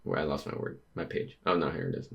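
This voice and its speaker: A man's voice: rumbling low, big pitch swings, fast talker, creaky, muffled recording. A young man reading a manga chapter aloud in a plain voice and stopping to react and comment. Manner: reads dialogue plainly, breaks off to react with surprise.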